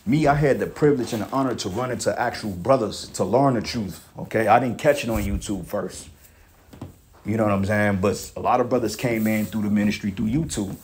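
A man's voice: lowish voice, brisk, darkish tone, slight background noise. A man preaching a blunt, profane sermon, reading scripture aloud and confronting critics, peppering his speech with "man" and "bro".

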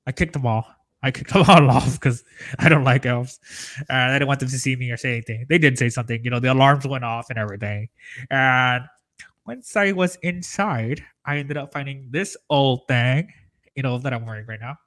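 A man's voice: medium pitch, a little fast, fairly bright tone, natural voice. A man playing the Grinch in a comedy interview, rambling through silly stories and laughing a lot. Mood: chatty, joking. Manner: rambling, giggly, tells tall tales. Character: mischievous green male Grinch, greedy, onion-loving.

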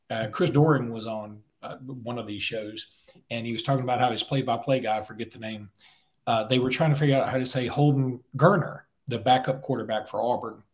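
Laid-back man telling stories. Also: medium pitch. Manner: relaxed storyteller, laughs through stories. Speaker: podcast co-host. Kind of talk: casual sports talk.

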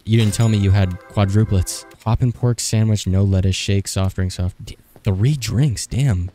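A man's voice: lowish voice, normal speed, warm tone, soft background music. A young man in his twenties doing casual, frantic gameplay commentary, swearing and joking to himself as he plays. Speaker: gaming streamer.

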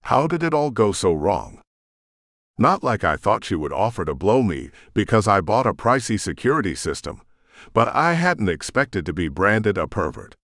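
A man narrating a romance audiobook in the first person, expressive and brooding. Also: on the low side, normal speed, dry recording, clean studio sound.

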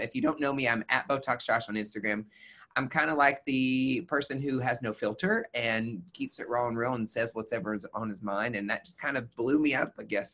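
Chatty Southern man with a country twang. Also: mid-range voice. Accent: Southern US, Tennessee. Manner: chatty, sassy and animated, with playful exclamations. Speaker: guest, registered nurse. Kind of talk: casual webinar interview.

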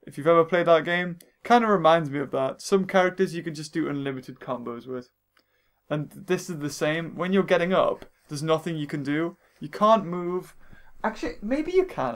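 Excitable high-voiced man, lively game commentary. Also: a little hiss or hum. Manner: excitable, rambling, quick to laugh and shout at the game. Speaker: let's play host. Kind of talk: gameplay commentary. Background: game music.

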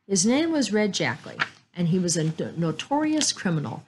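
A woman's voice: fairly low pitch, very animated, normal speed, background noise. A woman reading aloud in the part of an earnest teenage boy detective, matter-of-fact in tone.

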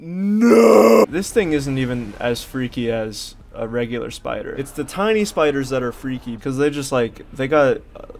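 A young man giving crude, rambling commentary while playing a game, yelling at it when things go wrong. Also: medium pitch, moderate pace, few pauses, slight background noise. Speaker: gaming streamer. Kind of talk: casual gameplay commentary.

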